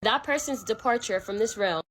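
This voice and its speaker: A woman's voice: on the high side, normal speed, a bit bright, slight background noise. A woman telling a spooky story in casual, conversational second person, with slang and fillers. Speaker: storyteller vlogger.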